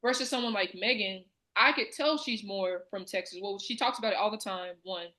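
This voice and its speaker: A woman's voice: mid-range voice, a little fast, pushed and bright, low-quality recording. A woman from the American South, co-hosting a podcast in casual chat, talking loosely with plenty of fillers. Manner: chatty, many fillers. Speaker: podcast co-host.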